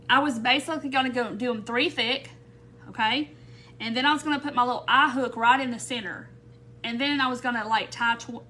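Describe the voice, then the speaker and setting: A woman's voice: fairly high pitch, bright, forceful tone, a little hiss or hum. Chatty woman crafting live. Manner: rambling, thinking aloud, greets viewers by name. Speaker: craft live-stream host. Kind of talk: casual craft tutorial chat. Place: home craft room.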